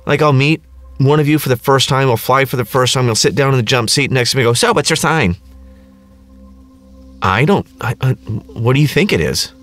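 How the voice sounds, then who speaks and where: On his own podcast, a middle-aged man goes on a rambling, crass, and sarcastic comedic rant. The recording is dry, and his medium-pitched voice has a fairly bright tone.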